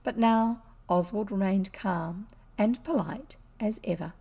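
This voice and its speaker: A woman with a New Zealand accent reads a classic children's story aloud. Her narration is expressive and measured, at a middle pitch. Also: husky. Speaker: audiobook reader.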